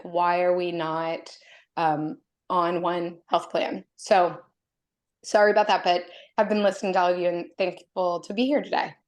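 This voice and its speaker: Earnest woman on a video call. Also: lowish voice. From Oregon, USA. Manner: earnest, emotional and apologetic. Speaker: committee member. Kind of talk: introducing herself in an online meeting.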